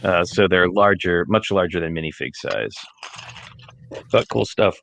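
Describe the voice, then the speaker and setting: A man's voice: deep voice, lively intonation, unhurried, creaky, fairly bright tone, a little hiss or hum. A man chatting on a casual livestream over a video call, rambling with lots of fillers. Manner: rambling, filler-heavy, laughing.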